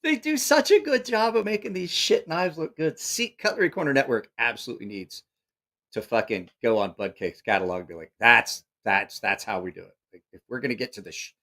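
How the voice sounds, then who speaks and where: A man's voice: mid-range voice, expressive, fairly quick, fairly bright tone. A man hosting a live stream, reacting in incredulous, mocking, profanity-laced rants and laughing at what he sees. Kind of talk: casual live-stream commentary.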